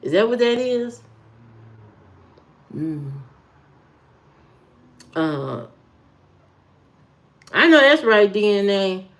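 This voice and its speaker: A woman's voice: medium pitch, expressive, extremely slow, pauses often. Woman, live stream host, casual chat, teasing, rambling with fillers. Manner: chatty, teasing, full of fillers and repeats.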